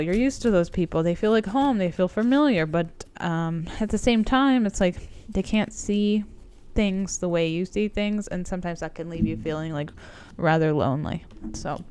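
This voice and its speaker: A woman who is sick with a cold, a tarot reader and coach, gives her viewers a casual reading. Her voice is on the low side, darkish, clear and resonant, and her chatty, meandering talk is full of "like" and "um".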